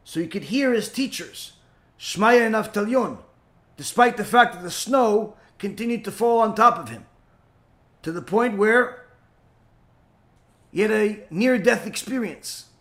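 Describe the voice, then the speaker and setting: Male teacher, high voice, lively storyteller who acts out his characters. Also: a little slow, pauses often. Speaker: Torah teacher. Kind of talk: storytelling lesson.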